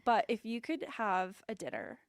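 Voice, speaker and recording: A woman co-hosting a casual podcast, bubbly and quick to react while asking questions. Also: medium pitch, expressive, dry recording, studio quality. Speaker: podcast co-host.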